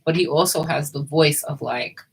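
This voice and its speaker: A woman's voice: sits low, moderate pace, creaky, husky, rough recording. A woman chatting casually and candidly, rambling and laughing often. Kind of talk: casual chat.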